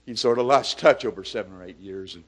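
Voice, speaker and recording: Man preaching with soaring loud climaxes. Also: lowish voice, fast. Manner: swings from hushed to loud, building emphatic climaxes. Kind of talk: sermon.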